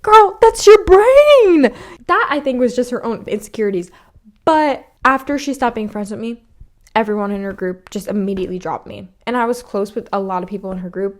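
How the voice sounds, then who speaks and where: A young woman hosting a solo podcast, talking frankly and confessionally, swearing freely and acting out past conversations. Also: fairly high pitch. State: slightly out of breath. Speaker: podcast host. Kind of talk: candid solo podcast monologue.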